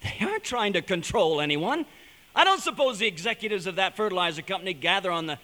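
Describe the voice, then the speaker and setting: A man with a high, bright, forceful voice tells a story as a sermon-style talk, animated and building to emphatic points. His voice carries a long reverb from a large hall. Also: fast. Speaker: speaker addressing a young audience.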